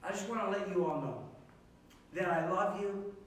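A man's voice: high-pitched, moderate pace, very echoey, far from the mic, slight background noise, low-quality recording. A man preaching a sermon as pastor, earnest and emphatic, repeating key phrases.

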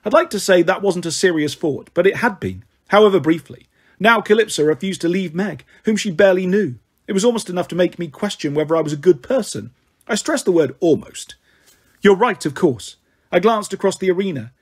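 A man narrating an audiobook with wry, dramatic flair. His voice is high-pitched and husky, with a breathy rasp. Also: expressive, quick pace. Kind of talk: first-person story reading.

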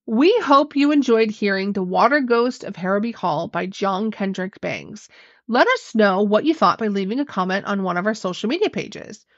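A woman reading a classic ghost story aloud in a measured, expressive narration. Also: medium pitch, no room sound, muffled recording. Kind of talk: scripted narration.

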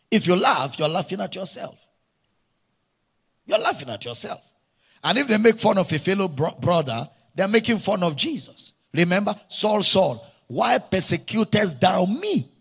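Husky Nigerian preacher in a reverberant hall. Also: male voice, high voice, fairly bright tone. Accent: Nigerian English. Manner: preaching with call-and-response to the congregation; repeats key phrases with rising emphasis. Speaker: pastor. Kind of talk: sermon. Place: church hall.

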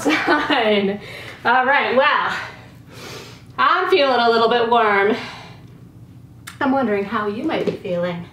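A woman's voice: a little high, a bit bright, far from the mic, a little hiss or hum. A woman teaching a children's yoga class, giving encouraging sing-song cues and a little out of breath. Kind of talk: guided kids' yoga class. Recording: roomy, off-mic with faint music.

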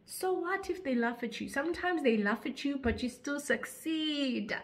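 A woman's voice: high voice, expressive, normal speed, few pauses. A young woman with a Zimbabwean accent, giving an earnest motivational vlog talk on insecurity. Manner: earnest, preachy, rising to forceful urging. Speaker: YouTuber.

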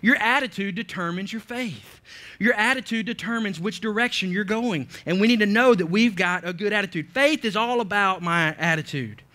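A man delivers a church sermon in a high, bright, forceful voice. He preaches with emphasis, repeats key phrases and often restarts his sentences as he presses each point home. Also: moderate pace. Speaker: pastor.

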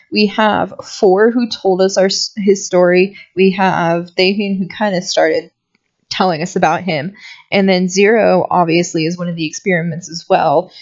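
A woman's voice: fairly low pitch, steady tone, moderate pace, no echo. A woman reading a visual novel aloud and commenting on it, exasperated and swearing freely. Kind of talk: let's play reading and commentary. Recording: dull lo-fi with faint music.

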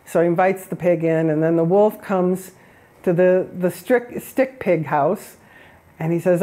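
A woman's voice: on the low side, a little slow, warm tone. A woman on a spiritual talk show who tells a fairy-tale parable in a chatty, self-deprecating way and laughs often. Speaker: guest.

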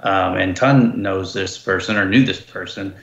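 A man talking casually on a podcast, halting and full of fillers and restarts. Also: low voice, gravelly, a bit bright. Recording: dull, roomy sound.

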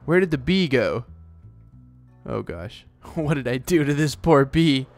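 A man's voice: medium pitch, lively intonation, measured pace, darkish tone, faint music behind. A man hosting a let's play, chatting casually and rambling as he plays, often talking to the animals in the game. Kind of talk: casual gameplay commentary.

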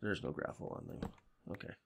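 Here's a Salem, Massachusetts gaming host speaking a little fast, with background noise in the recording. His game commentary is loose and talkative, full of tangents and casual swearing.

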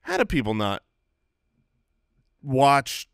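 A man's voice: medium pitch, wildly swooping pitch, takes it slowly, gravelly, clear, resonant tone, no room sound, studio quality. A man co-hosting a comedy podcast, ranting in casual banter with an opinionated, mock-outraged manner. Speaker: podcast co-host.

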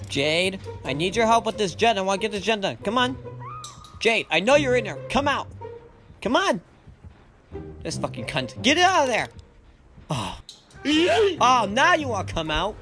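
A young gamer giving excited, profane commentary while playing, taunting the opponent. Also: mid-range voice, normal speed, pauses often, faint music behind. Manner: excitable, swears a lot, taunts the enemy. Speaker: gamer doing live commentary. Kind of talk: casual gameplay commentary.

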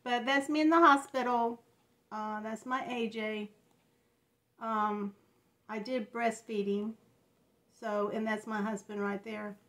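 A woman in her fifties talking through tears in a personal home vlog, halting and restarting often. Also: a little high, steady tone, fairly bright tone. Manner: halting, tearful, many restarts. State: crying. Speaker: vlogger.

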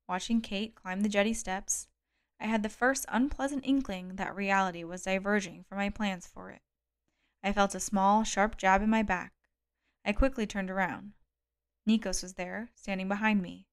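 Woman narrating a novel, steady and measured, easy clear delivery. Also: mid-range voice. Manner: measured, calm storytelling. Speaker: audiobook reader. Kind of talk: scripted narration.

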